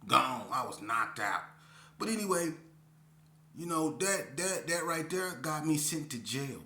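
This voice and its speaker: A man's voice: on the high side, animated, unhurried, sharp tone. A middle-aged man telling a story from his past in a casual, emphatic, streetwise monologue that turns preachy. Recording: echoey room.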